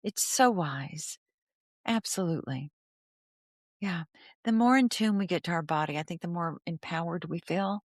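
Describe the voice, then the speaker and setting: A woman therapist talks with a podcast host in an animated, chatty way and laughs often. She has a somewhat low voice, recorded close and dry with no room sound. She acts out inner thoughts as she explains them. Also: normal speed, pauses often, no room sound. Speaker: therapist guest.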